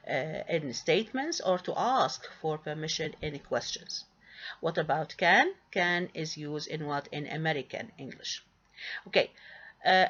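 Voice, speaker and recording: A woman's voice: deep voice, fairly bright tone, dull audio. A woman teaching an English grammar lesson, often asking a question and answering it herself, with frequent fillers. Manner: asks and answers her own questions, with many fillers.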